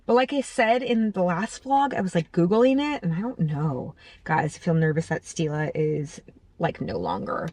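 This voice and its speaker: A woman's voice: fairly low pitch, lively intonation, moderate pace, a little mellow, husky, no room sound. Chatty woman vlogging from her car. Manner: chatty, self-mocking, rambling with fillers. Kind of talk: casual vlog chat to camera. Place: car, parked.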